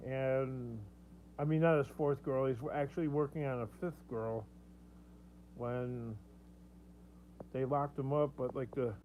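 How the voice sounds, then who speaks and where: A man's voice: mid-range voice, fairly even intonation, unhurried, long pauses, darkish tone. A man hosting a casual livestream, rambling, chuckling often and answering viewer comments. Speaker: livestream host. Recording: tinny phone-like sound with faint hum.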